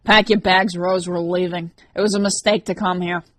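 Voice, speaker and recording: A woman's voice: on the low side, fairly even intonation, normal speed, a bit bright, no echo, close to an everyday voice. A woman voicing a brash, sardonic teenage male demon in an audiobook. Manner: wisecracking, defensive.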